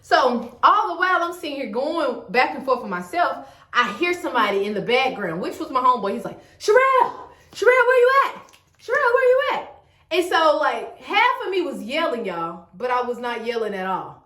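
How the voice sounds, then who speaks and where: A woman tells a story straight to camera in a high, lively voice. She talks in casual slang and acts out every quote. The room around her sounds echoey. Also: normal speed. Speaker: storyteller vlogger.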